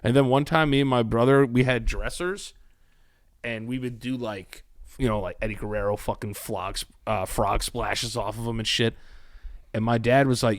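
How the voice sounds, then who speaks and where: A man's voice: mid-range voice, normal speed, no room sound, clean studio sound. A young man casually telling wild family stories on a podcast, loose and profane. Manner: loose, profane, lively storyteller. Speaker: podcast co-host. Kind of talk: casual storytelling chat.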